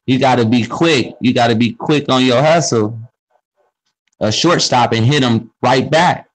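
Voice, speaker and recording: A man's voice: medium pitch, measured pace, rough recording. Man, casual group talk, slangy, explaining, asks rhetorical questions. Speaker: speaker in a group discussion. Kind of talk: casual conversational monologue.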